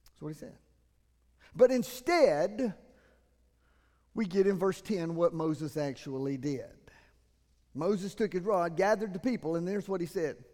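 A man, preaching a sermon as pastor in a church, moving between loud emphatic passages and quiet, earnest asides. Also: sits high, lively intonation, measured pace, long pauses. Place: church sanctuary. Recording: long hall reverb.

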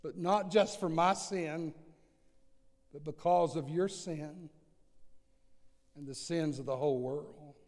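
Slow, earnest preacher man in a reverberant hall. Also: on the high side, a little mellow. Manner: slow, earnest preaching with dramatic swings in volume. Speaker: pastor. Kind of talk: sermon.

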